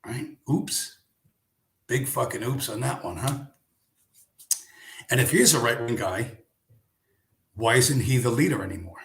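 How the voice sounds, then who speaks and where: A man's voice: medium pitch, measured pace, long pauses, a bit bright, echoey room, slight background noise. A man hosting a live stream, ranting in a casual way, sarcastic and profane, firing off rhetorical questions.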